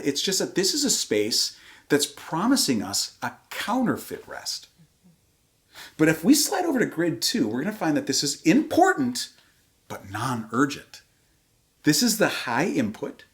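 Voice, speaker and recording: Man teaching with a lively voice. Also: on the high side. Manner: explains step by step, with repeated phrasing. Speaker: co-host of a couples course. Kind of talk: teaching a marriage course video.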